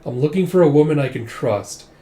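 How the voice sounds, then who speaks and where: Dude voicing a blunt proud prince, mellow, pretty plain, echoey room. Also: male voice, a little high, expressive, brisk, natural voice. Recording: roomy echo.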